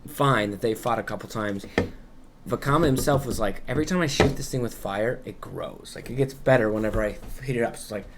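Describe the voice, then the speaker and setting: A podcast co-host with a medium-pitched voice talks a bit fast over background noise, casually retelling a story in loose fashion while cursing freely and acting out the quotes.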